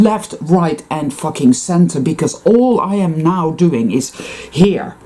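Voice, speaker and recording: A woman with a lowish, mellow voice that swings widely up and down as she rambles to her viewers. She swears freely and breaks off with heavy sighs, and her talk stays intense and unscripted. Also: big pitch swings, measured pace. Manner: profane, intense, sighing. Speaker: spiritual vlogger. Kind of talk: rambling monologue to camera.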